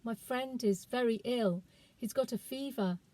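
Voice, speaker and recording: A woman's voice: on the high side, measured pace, warm tone, pitched above the performer's own voice, close to an everyday voice. A woman reading the lines of a determined young village girl on a desperate journey, in an urgent, pleading voice.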